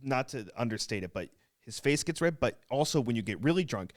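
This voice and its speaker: A man's voice: medium pitch, expressive, fairly quick. A young man co-hosting a podcast, chatting casually in a laid-back way with short interjections and dry quips. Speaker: podcast co-host. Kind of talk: casual chat.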